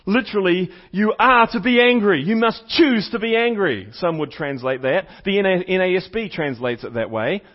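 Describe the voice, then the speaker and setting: A man with a high voice preaches a teaching sermon. He repeats his main points and puts questions to the congregation. The recording sounds slightly dull and lo-fi. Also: normal speed, few pauses. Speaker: pastor.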